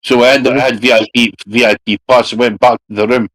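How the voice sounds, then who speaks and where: A man joining a livestream as a guest, chatting in a laid-back, rambling way with plenty of fillers. His voice sits at an ordinary male pitch. The sound is dry, with no room echo. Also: steady tone, fairly quick, fairly bright tone. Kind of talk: casual stream chat.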